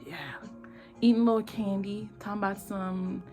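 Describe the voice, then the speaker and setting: A young woman casually retelling a drama plot in slangy, excitable talk, acting out lines in quick voices. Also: mid-range voice, faint music behind. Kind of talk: casual animated storytelling.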